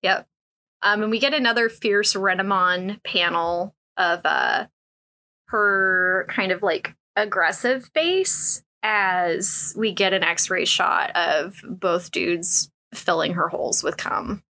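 A woman's voice: fairly low pitch, slow pace, pushed and bright. A woman hosting a casual comedic commentary, frank and crude, with lots of fillers.

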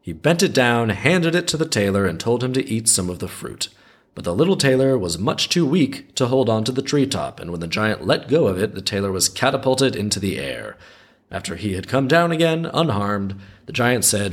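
This podcast host reads folk tales aloud in a mid-range, husky, very animated voice at normal speed. Between passages he drifts into skeptical, wry, rambling side comments.

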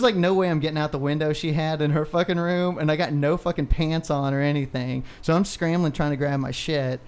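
Male podcast co-host, thirties, slightly high voice, loose profane storytelling, laughs a lot. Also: a little mellow. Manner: profane, rambling, laughs often. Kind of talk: casual storytelling.

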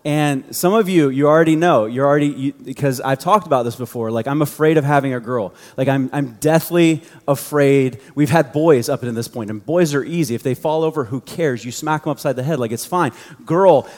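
A man's voice: mid-range voice, a little fast, hardly any pauses, darkish tone. A man preaching a sermon to a youth group, conversational and joking as he tells a story. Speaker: youth pastor. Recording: long hall reverb.

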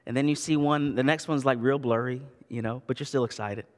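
A man's voice: mid-range voice, fairly even intonation, fairly quick, long reverb tail. A man in his thirties preaching a sermon as a pastor, in a conversational way with asides and repeated words. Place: church sanctuary.

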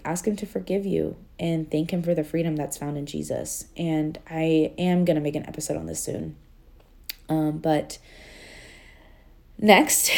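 Woman podcast host, low and warm voice, earnest chatty delivery with many fillers. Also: vocal fry. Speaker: podcast host and life coach. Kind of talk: casual faith-based podcast talk.

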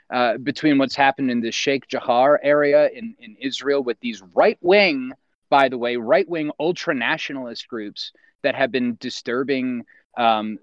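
A man's voice: medium pitch, no room sound. A man calling in while eating dinner, ranting in an agitated way. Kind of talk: casual call-in rant. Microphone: remote call audio. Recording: dull lo-fi call audio.

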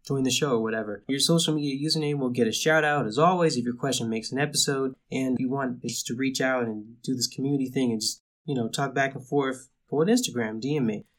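A man's voice: medium pitch, fast, few pauses. A man hosting a casual podcast, chatty and joking, with rambling asides. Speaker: podcast host.

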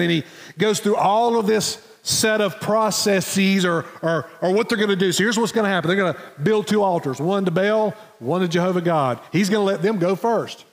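A man preaching a sermon, telling a story with dramatic pauses and repeated words. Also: high-pitched, long reverb tail. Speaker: pastor. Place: church sanctuary.

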